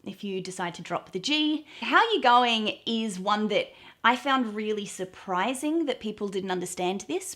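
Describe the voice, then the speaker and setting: An Australian woman with an Australian accent and a mid-range, slightly bright voice works as an accent coach. She explains slang phrases in a playful, cheerful way, acting out examples as she goes.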